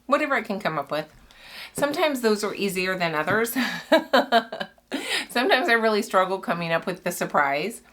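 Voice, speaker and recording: A woman's voice: mid-range voice, lively intonation, moderate pace, a bit bright. A young adult woman, a soap maker chatting casually with her channel as she cuts soap, rambling and laughing often, a little out of breath. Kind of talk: casual chat while cutting soap.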